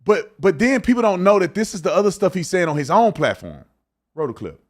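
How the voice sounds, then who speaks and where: A man's voice: sits high, big pitch swings, fairly quick. A man hosting a commentary show, talking bluntly and repeating words as he reacts to clips. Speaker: show host.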